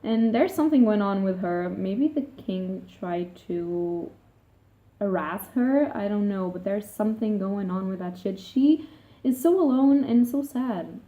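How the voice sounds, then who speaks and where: A woman's voice: medium pitch, animated, unhurried. Chatty, rambling woman on a tinny line. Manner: rambling, chatty, swears often. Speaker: book vlogger. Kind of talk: casual vlog chat. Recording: tinny phone-like sound.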